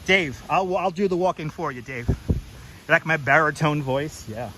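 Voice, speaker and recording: A chatty man hosts a walking livestream outdoors on a clip-on mic. His voice sits high for a man, bright and forceful, with faint background noise. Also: normal speed, low-quality recording. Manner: chatty, jokey, reads sign text aloud, greets viewers. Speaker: livestream host. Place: outdoors in a forest garden. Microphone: wireless clip-on mic.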